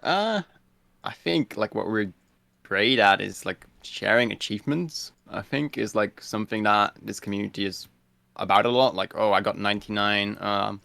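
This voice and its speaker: A man's voice: on the low side, expressive, moderate pace, creaky, bright, forceful tone, no echo. A man chatting casually on a podcast, laid-back and blunt, with many "like" fillers. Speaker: guest streamer.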